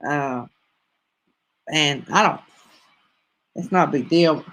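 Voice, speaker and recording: High-voiced Alabama man chatting folksily. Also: slow pace, fairly bright tone. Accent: Southern US, Alabama. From North Alabama. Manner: rambling, folksy, addresses viewers as y'all. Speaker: livestream host. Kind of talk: casual live-stream chat with viewers.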